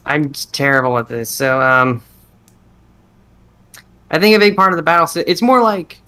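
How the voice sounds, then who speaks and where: A man's voice: fairly high pitch, animated, moderate pace, sharp tone. A man on a podcast chatting casually, rambling and restarting his sentences as he gathers his thoughts. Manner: rambling, self-interrupting; restarts sentences, many fillers. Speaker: podcast co-host. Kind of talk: casual chat.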